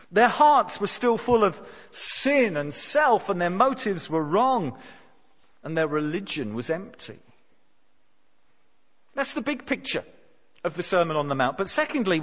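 A man preaching a sermon, emphatic and expressive, dropping his voice low for dramatic lines. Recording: dull sound with long hall reverb.

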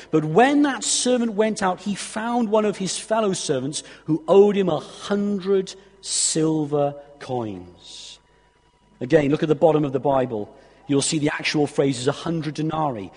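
A man's voice: a little high, a little mellow, husky. A man preaching a sermon, reading scripture aloud and pressing its point earnestly to the congregation. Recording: long hall reverb.

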